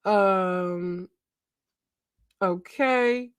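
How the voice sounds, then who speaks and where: A woman's voice: medium pitch, very slow, smooth, dry recording. A woman in her twenties from Philadelphia, hosting a casual gossip livestream and chatting with her viewers while she looks things up. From Philadelphia, USA. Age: 20s. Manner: chatty, talks to chat, trails off and searches aloud. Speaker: livestream host.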